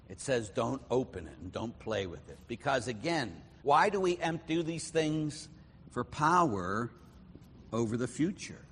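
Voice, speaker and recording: A middle-aged priest from Pittsburgh preaching in a loose, storytelling way, his voice sitting a bit high for a man. He breaks into the voices of the people in his anecdotes. The sound rings with the long reverb of a big church. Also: husky. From Pittsburgh, USA. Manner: storytelling, acts out voices, chatty with fillers. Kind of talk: conversational sermon.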